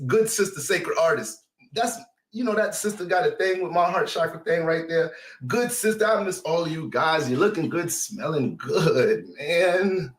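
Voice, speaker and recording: A man with a slightly high voice runs a livestream as a playful mock church sermon. He banters like a preacher, swears casually and greets viewers by name. The sound is echoey, as if recorded in a reverberant room. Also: a bit bright. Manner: swears casually and laughs often. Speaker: astrologer hosting a livestream.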